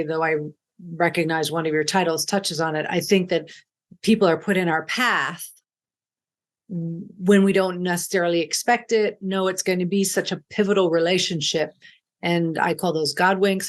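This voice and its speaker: An attentive podcast host who speaks at a mid pitch. The host asks thoughtful follow-up questions and offers brief, affirming murmurs while the guest talks. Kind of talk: interview.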